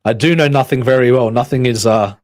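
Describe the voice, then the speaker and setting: Male stream host, mid-pitched, dry close sound, loose musing delivery with restarts. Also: a little mellow, dry recording. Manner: musing, halting, reads chat aloud. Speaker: livestream host. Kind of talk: rambling livestream commentary.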